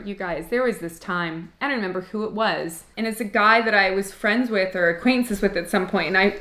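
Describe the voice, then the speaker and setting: A woman's voice: lowish voice, a bit bright. A woman, an actress, chatting candidly with viewers and answering their comments, joking and laughing often. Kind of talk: casual chat to camera. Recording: echoey room.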